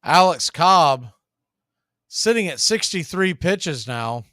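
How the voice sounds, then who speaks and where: A man hosting a casual baseball play-by-play stream, chatting between pitches. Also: slow pace, no room sound, clean studio sound. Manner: relaxed, chatty, drifting into betting talk. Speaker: play-by-play announcer and show host.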